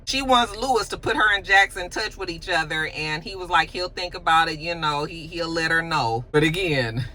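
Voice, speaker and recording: A woman's voice: lowish voice, normal speed, few pauses. A woman giving a casual recap of a TV episode, talking in a loose, slangy and profane way. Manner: animated, slangy, profane retelling. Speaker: TV recap host.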